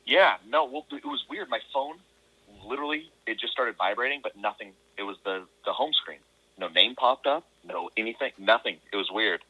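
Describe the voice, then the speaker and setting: Husky low-voiced man on a phone call. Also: normal speed, bright, forceful tone. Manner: rambling, restarts a lot, laughs at himself. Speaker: guest. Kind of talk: casual chat.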